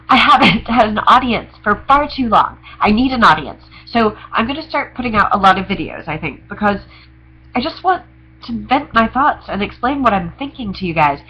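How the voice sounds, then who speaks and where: A man's voice: high-pitched, big pitch swings, moderate pace, pushed and bright, husky, low-quality recording. A young trans man talking candidly to camera in a rambling, confessional vlog with sarcastic humor. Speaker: vlogger. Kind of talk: candid personal vlog monologue.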